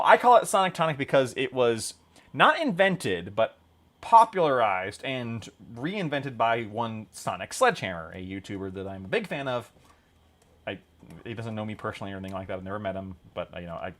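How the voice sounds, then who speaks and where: A man hosting a hobby stream, chatting casually and rambling with jokes while he paints miniatures. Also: medium pitch. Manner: jokey, rambling, laughs at own jokes.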